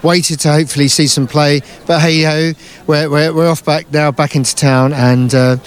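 Brief: British male spectator, cheerful and easygoing, slightly high voice, outdoors. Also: steady tone, normal speed. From Britain. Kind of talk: casual street interview. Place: outdoors in the rain.

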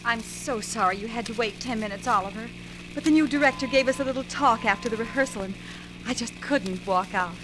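An actress playing a sensible, gently teasing housewife in a 1940s radio comedy, on an old broadcast recording. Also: female voice, on the high side, a little fast, noisy background, close to an everyday voice. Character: sweet, sensible middle-aged housewife Mary.

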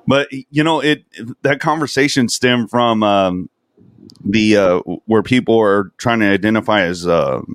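A man's voice: lowish voice, a little slow, no room sound. A man hosting a casual podcast, joking around, laughing easily and asking blunt questions. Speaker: podcast host. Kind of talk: casual chat.

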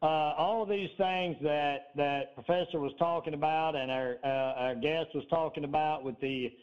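A man co-hosting an online talk show in a slow drawl with many fillers, on dull lo-fi call audio. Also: fairly high pitch, fairly even intonation, clear, resonant tone. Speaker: co-host. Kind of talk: casual talk show chat.

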